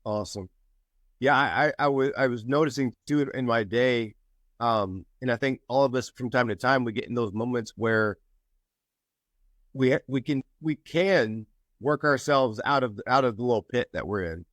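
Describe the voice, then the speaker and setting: A man sharing encouragement and telling a story in a casual group call, lively when he quotes people. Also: medium pitch, normal speed, no echo. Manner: storytelling, animated when quoting others. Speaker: mastermind group member.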